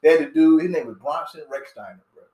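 A young adult man, a podcast guest, telling quick slangy stories in casual chat with lots of fillers. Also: fairly high pitch, dark tone, highs cut off. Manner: fast, slangy storytelling with frequent fillers. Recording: echoey room.

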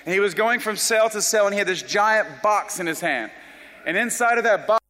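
A young man from South Carolina, telling his life story as an animated, self-deprecating testimony. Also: high voice, a little fast. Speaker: speaker giving a personal testimony. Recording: long reverb of a large hall.

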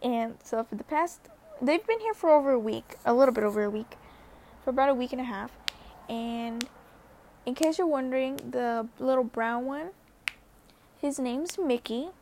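A woman's voice: sits high, expressive, normal speed, pauses often, darkish tone, slight background noise. A young woman vlogger telling a story in a casual, rambling way, full of fillers and restarts.

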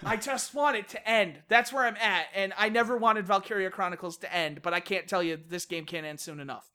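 A woman co-hosts a casual gaming podcast, her voice bright and clear. She talks in an animated way, laughs often and swears freely when she gets worked up. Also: mid-range voice, fairly quick. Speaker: podcast co-host. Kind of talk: casual podcast rant about video games.

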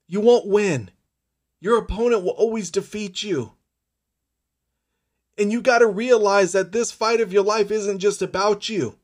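A man giving a motivational speech, telling a story in the second person with dramatic repetition. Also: sits high. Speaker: motivational speaker.

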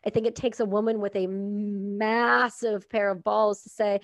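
A woman's voice: mid-range voice, level tone, unhurried, hardly any pauses, dry recording. A woman hosting a podcast, talking in an effusive, encouraging and frank way. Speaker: podcast host. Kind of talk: casual podcast chat.

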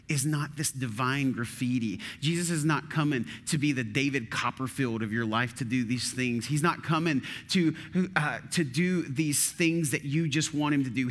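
A man's voice: medium pitch, a bit bright, in a large hall. A male teaching pastor giving a sermon in a church, reading scripture aloud and asking the room questions, with touches of dry sarcasm. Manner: conversational, asks the room questions.

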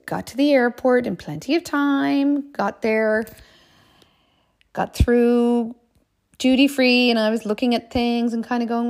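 A woman's voice: on the high side, lively intonation, normal speed, darkish tone. A woman hosting a life coaching podcast, telling a personal story in an earnest, heartfelt way and repeating phrases for emphasis.

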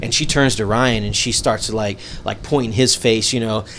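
A man's voice: on the low side, normal speed, a little hiss or hum. Man telling a story on a podcast. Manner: animated, profane, acts out dialogue. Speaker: podcast co-host. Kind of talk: casual storytelling.

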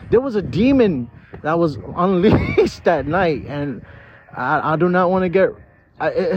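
Young adult man, slightly higher-pitched, tipsy and slurring, profane digressive storyteller; dull lo-fi sound. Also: noisy background. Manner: profane, digressive, talks straight to viewers. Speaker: vlogger. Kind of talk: rambling personal storytelling. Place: outdoors in a park.

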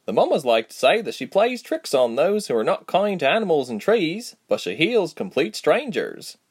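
A man's voice: on the high side, big pitch swings, normal speed, breathy edge, pitched above the performer's own voice. A man voicing an easygoing young village man who speaks plainly, in a storybook reading. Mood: matter-of-fact. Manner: plain, shrugging speech.

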